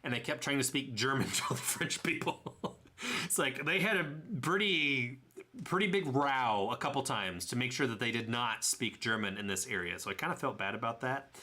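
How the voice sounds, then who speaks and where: A man's voice: mid-range voice, expressive, moderate pace, bright, forceful tone. A young man with a Tennessee accent narrating his trip photos in a casual, rambling way, often correcting himself with a chuckle. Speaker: travel vlogger.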